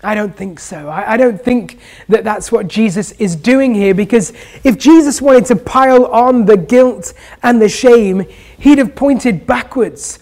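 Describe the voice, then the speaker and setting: A preacher delivering an earnest, gentle sermon and asking the listeners rhetorical questions. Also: mid-range voice, unhurried.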